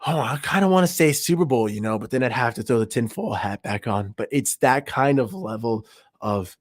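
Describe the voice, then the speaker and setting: A young man hosts a fan livestream and talks football in a hyped, emphatic, rambling way. His voice sits in a middle pitch and is recorded very dry, close to the streaming mic. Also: normal speed, no room sound. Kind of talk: excited sports fan livestream talk.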